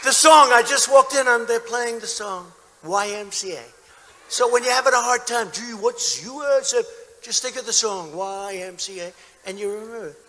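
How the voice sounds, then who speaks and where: A man with an extremely high, bright voice and a forceful tone delivers a campaign rally speech at moderate pace. He brags, repeats himself, and mocks in asides. Crowd noise and cheering fill the echoey indoor arena.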